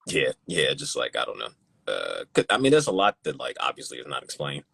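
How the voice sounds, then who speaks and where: A man with an extremely deep, gravelly voice gives laid-back, short answers. His tone is husky and rises and falls a lot. The sound is dry, and he sits a little off the mic. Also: wildly swooping pitch, brisk, fairly bright tone, dry recording. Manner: laid-back, brief replies, laughs often. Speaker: guest comic creator. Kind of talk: casual chat.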